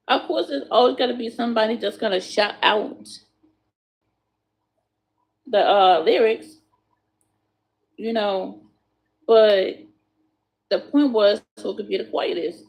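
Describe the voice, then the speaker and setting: A woman's voice: medium pitch, a little slow, gravelly, pauses often. A woman chatting to viewers while doing hair, swearing freely and calling them y'all. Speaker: hair vlogger.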